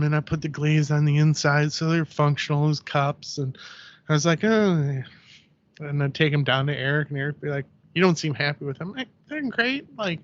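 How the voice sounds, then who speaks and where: A man guesting on a podcast, telling stories in a loose, chatty way. His voice sits a little above the usual male range, and he slips into the voices of the people he quotes. The sound is dull and lo-fi. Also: on the high side. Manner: animated storyteller who acts out quoted voices, heavy use of "like". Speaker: podcast guest, ceramic artist. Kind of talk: casual podcast conversation.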